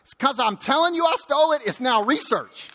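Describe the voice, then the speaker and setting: A man pastor preaching a sermon in a church, lively and joking, often repeating words as he goes. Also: very high voice, a little fast, big-room sound. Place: church sanctuary.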